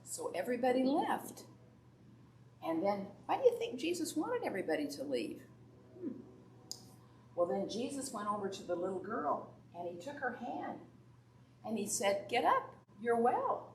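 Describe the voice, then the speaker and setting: A woman's voice: fairly high pitch, big pitch swings, normal speed, a little mellow. A woman Sunday school teacher telling a Bible story to children and asking them questions. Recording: echoey room from far off, faint background noise.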